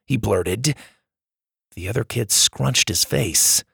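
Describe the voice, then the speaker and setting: Gravelly-voiced man reading a story. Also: mid-range voice, animated, slow pace, a bit bright, dry recording, clean studio sound. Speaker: narrator. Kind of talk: audiobook narration.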